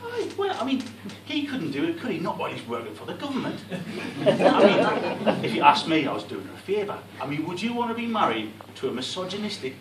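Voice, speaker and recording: A man's voice: sits high, wildly swooping pitch, brisk, full character voice. A man with a Scottish accent playing a crude, bragging middle-aged supervillain in a live comedy sketch, recorded in an echoey pub room from a distant mic with crowd noise. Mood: scornful.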